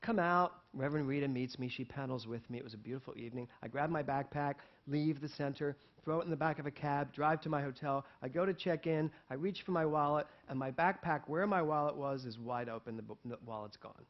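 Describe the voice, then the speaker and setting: A male pastor giving a sermon, telling a personal story in an animated way and acting out the people in it, with laughs between lines. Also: medium pitch, fairly quick, hardly any pauses. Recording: dull lo-fi recording.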